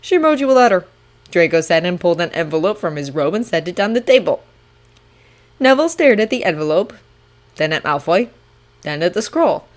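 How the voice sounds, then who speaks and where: A woman reading fanfiction aloud in a steady, even audiobook narration. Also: lowish voice. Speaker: fanfiction reader.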